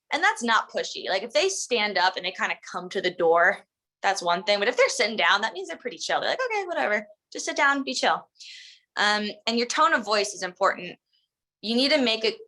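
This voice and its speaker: A woman trains salespeople in a loose, conversational way. Her voice is bright and forward, and she fills her talk with "like" and "um" while she acts out sample lines. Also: mid-range voice, low-quality recording. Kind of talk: casual instructional talk.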